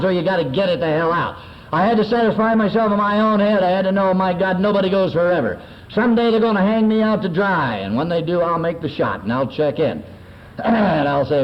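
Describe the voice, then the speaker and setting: An American man speaks at a recovery convention in folksy street slang, clearing his throat now and then. His voice rises and falls a lot and sits a bit high for a man. A dull, lo-fi old tape adds a faint hiss underneath. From Southern California. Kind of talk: recovery meeting talk. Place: convention hall. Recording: dull lo-fi 1970s tape recording.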